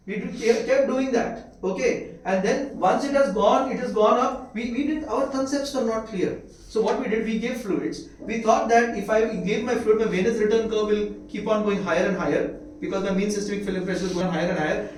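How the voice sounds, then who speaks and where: High-voiced Indian man lecturing in an echoey room. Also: a little fast. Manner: keeps quizzing the audience with rhetorical questions. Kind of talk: medical lecture to students. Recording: echoey room, mic far off, faint hiss.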